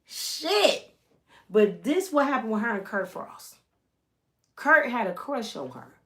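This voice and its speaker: A woman's voice: a little high, expressive, measured pace, a bit bright. A middle-aged woman from the United States chatting casually and teasingly as a channel host, drawling and chatty. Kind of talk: casual gossip commentary.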